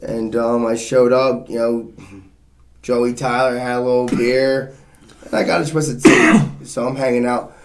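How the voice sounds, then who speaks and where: A man guest on a podcast with a gravelly, creaky voice, chatting in a laid-back, joking way. A faint hiss sits under the recording. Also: medium pitch, fairly even intonation, measured pace. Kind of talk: casual chat.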